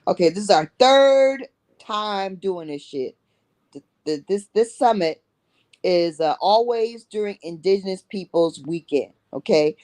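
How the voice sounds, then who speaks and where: A forceful woman guest talking in a passionate, conversational run. She speaks bluntly with salty language and keeps checking in with "okay?". Her voice sits in a middle register and sounds dry and close. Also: medium pitch, expressive, a little slow, dry recording, low-quality recording. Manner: emphatic, repeats herself, drops tag 'okay?'. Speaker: guest, summit organizer.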